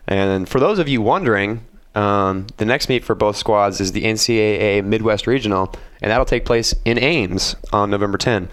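A young man co-hosting a casual sports chat, easygoing and quick to chime in. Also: on the low side, clean tone. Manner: easygoing, quick agreeing interjections. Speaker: podcast co-host.

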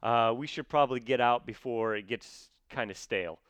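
A man with a smooth, clear voice talks through a casual sports chat, pausing often on fillers and restarting his sentences. The sound is dry and close, with no room around it. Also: mid-range voice, fairly bright tone, dry recording. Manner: hesitant, many fillers and restarts. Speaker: comedy sketch performer, guest.

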